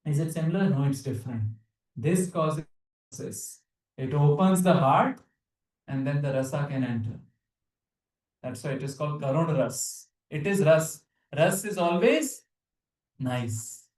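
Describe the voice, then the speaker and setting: Far from the mic in a very echoey hall, a male preacher delivers a devotional lecture with a fairly high pitch, lively intonation, and a little mellowness. He speaks unhurriedly and pauses often, asking the audience questions and breaking into Hindi verses.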